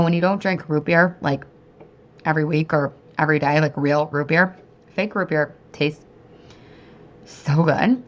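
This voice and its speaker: A woman in her thirties hosting a casual podcast as a weight-loss coach, chatty and animated, swearing freely and laughing often. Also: lowish voice.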